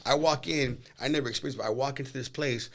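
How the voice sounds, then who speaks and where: A man guest on a podcast, telling rough street stories in a casual, profane, animated way and acting out the voices of the people in them. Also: mid-range voice, fast talker. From Southern California. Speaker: podcast guest, jiu-jitsu instructor. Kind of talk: casual storytelling. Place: podcast studio.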